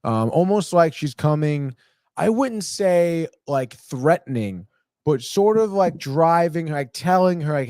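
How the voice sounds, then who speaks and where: A young man with a slightly high voice rattles through a TV recap with loose, excitable energy. He swears freely and keeps saying "dude" as he acts out what the characters say. The sound is dry and close to the mic. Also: measured pace, no room sound. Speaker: podcast host recapping a TV episode. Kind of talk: casual chat.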